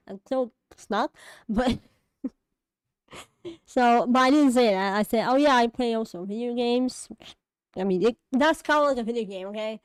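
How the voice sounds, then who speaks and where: A woman's voice: on the high side, darkish tone, smooth, dry recording. A woman vlogger talking casually to camera, rambling and hesitant with many fillers and restarts, often laughing at herself. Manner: self-deprecating, laughs often. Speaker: vlogger and animator.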